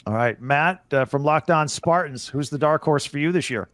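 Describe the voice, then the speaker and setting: Male panel host, brisk and upbeat, slightly high voice, dry close sound. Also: a bit bright, no echo. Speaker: podcast host. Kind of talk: casual panel chat.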